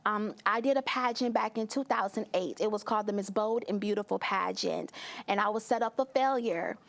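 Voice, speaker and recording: A woman's voice: mid-range voice, a little fast, vocal fry. A woman guest sharing a fervent faith testimony in an interview, often repeating her phrases. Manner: fervent, repeats phrases, voice rises when recounting prayers. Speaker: guest, pageant winner and speaker.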